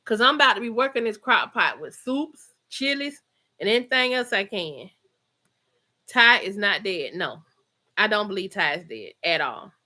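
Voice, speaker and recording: A middle-aged woman with a Georgia Southern accent hosts a casual livestream from home, reading live comments and chatting with viewers. Her voice is medium-pitched, animated, bright and forceful at a moderate pace. She's chatty, laughs often and uses Southern slang.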